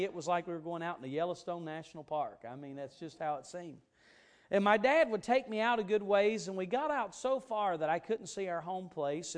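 A man preaching to an auditorium, his voice sitting high for a man. He tells a homespun story in a folksy way and then presses home his point with emphatic bursts. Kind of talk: sermon with a personal story. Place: auditorium before an audience.

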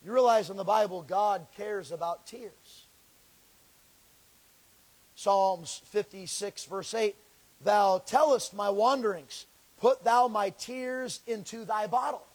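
A man preaching a sermon, reading scripture slowly and swinging between loud pleading and hushed lows. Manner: reads scripture in slow, drawn-out delivery.

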